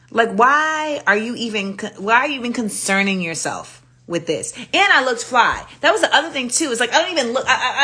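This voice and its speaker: A woman hosting a casual livestream chat, telling stories in an animated way and acting out the exchanges with blunt profanity. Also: fairly high pitch. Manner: animated storytelling, acts out quoted exchanges with profanity. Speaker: livestream host. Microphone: phone livestream.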